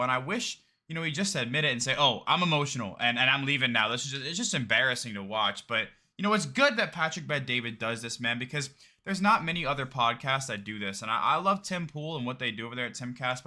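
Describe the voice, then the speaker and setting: A man's voice: medium pitch, bright, forceful tone. A man giving casual, blunt reaction commentary on a debate clip in a mocking, slangy way.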